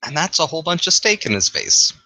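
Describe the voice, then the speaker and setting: A man narrating a tabletop game as game master, in drawn-out, halting narration with fillers. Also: fairly high pitch, big pitch swings, pushed and bright, dry recording.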